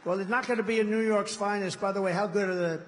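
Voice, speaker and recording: A man's voice: sits high, steady tone, quick pace, a little hiss or hum. A man giving a rambling, boastful rally speech as a political candidate in a large indoor arena. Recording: long arena reverb.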